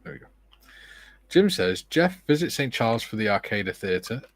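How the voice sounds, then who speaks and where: A man with a British accent hosting a relaxed livestream, reading viewer comments aloud and chatting casually with joking asides. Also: on the low side, normal speed, no echo. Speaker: livestream host.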